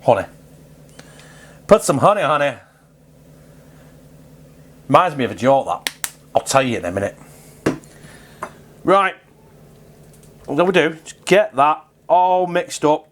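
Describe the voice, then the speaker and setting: A man's voice: fairly high pitch, very animated, takes it slowly, long pauses. A man chatting casually and swearing freely while he cooks in his own video, rambling off topic and joking as he goes. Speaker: home cook vlogger. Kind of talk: casual cooking vlog.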